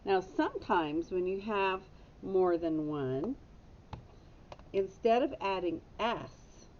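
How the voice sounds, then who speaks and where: A woman's voice: animated, slow, a little mellow. A woman teacher giving a patient phonics lesson to young children, stopping to correct her own slips. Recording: dull lo-fi audio with faint rumble.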